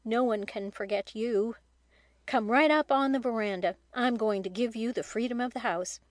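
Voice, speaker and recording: A woman's voice: on the high side, moderate pace, no room sound, studio quality, natural voice. A woman reading the part of a kind, grateful boy speaking to a pony in an audiobook.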